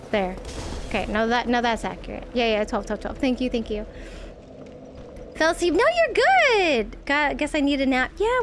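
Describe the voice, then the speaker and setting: A high-pitched woman streams a game live, chatting with her viewers and swearing at what happens on screen. Steady background noise sits behind her voice. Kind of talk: casual live gameplay chat.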